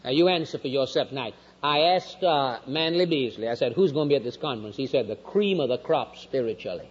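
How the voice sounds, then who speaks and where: A man preaching a sermon with passion, his voice rising high and loud and then dropping low and quiet. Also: expressive, brisk, husky. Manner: impassioned preaching, swinging from loud highs to low quiet lines. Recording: dull lo-fi recording in a reverberant hall.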